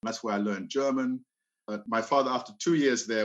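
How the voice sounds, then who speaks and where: Telling life stories as an interview guest, this man in his fifties from Liberia keeps things casual and frequently performs quoted dialogue. He speaks at a moderate pace with a lowish voice and fairly even intonation.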